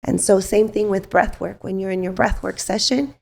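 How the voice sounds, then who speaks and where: Woman, breathwork coach as podcast guest. Gravelly, gentle, encouraging. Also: mid-range voice, steady tone. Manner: gentle, encouraging, explains slowly with "right?" asides. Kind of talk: casual podcast conversation.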